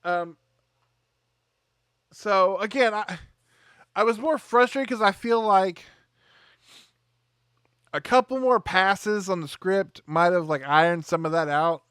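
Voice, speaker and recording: A man's voice: high voice, takes it slowly, long pauses, a bit bright, smooth, dry recording, studio quality. A man hosting a movie review show in casual chat, rambling and sarcastic, acting out scenes in little voices.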